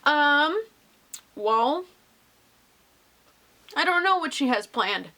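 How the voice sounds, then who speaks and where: A woman's voice: high-pitched, expressive, drawn-out words, pushed and bright. A young woman casually answering viewer questions in a vlog, bubbly and gushing with lots of ums.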